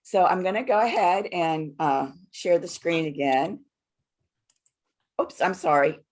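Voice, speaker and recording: A woman with a very low voice speaks slowly and softly, guiding a spiritual group. She sounds calm and reassuring as she hosts over a video call. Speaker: host of a spiritual group session.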